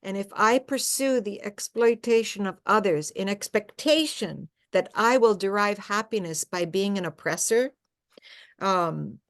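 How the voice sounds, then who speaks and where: A woman speaking earnestly at a faith gathering, presenting a reflective talk with slides and often halting to restart. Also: medium pitch.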